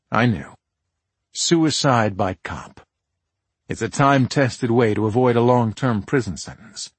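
A man reads a crime story in the first person, steady and tense. His voice is husky and sounds close and dry, with no room echo. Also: medium pitch, unhurried. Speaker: audiobook narrator. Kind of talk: first-person audiobook narration.

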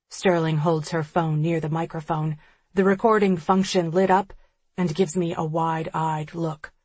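A woman reading an audiobook in the first person, measured and tense. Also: deep voice, steady tone, a little mellow, breathy edge, no room sound. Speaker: audiobook narrator.

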